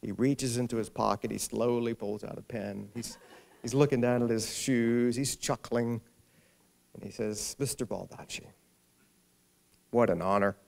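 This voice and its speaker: A middle-aged man, featured as the author at a library event, delivers a comic anecdote to a live audience in an event hall, impersonating the people involved. His medium-pitched voice is creaky and darkish, with fairly even intonation and a measured pace.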